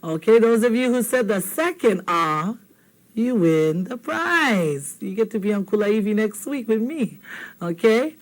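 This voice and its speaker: A woman with a Hawaiian accent teaching a televised language lesson, patient and playful, saying words slowly and checking in with "okay?". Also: mid-range voice, expressive, poor audio.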